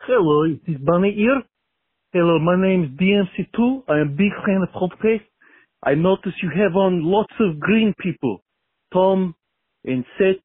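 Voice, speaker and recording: A man's voice: high voice, lively intonation, normal speed, husky, no echo. A man putting on a fake broken-English caller. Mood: earnest. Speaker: voicemail caller. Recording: tinny phone line voicemail.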